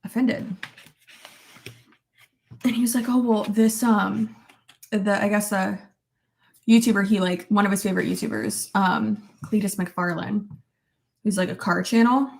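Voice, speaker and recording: Young woman vlogger, mid-pitched, loose and chatty, swears freely, peppers her talk with "like". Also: fairly even intonation, unhurried, gravelly, pauses often. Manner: chatty, full of "like" fillers, swears casually. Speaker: vlogger reading viewer comments. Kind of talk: casual chat. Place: at her desk at home.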